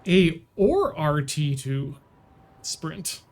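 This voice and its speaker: A man's voice: on the high side, big pitch swings, very slow, darkish tone. A man streaming a video game, chatting casually and muttering to himself as he plays. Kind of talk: casual let's-play commentary.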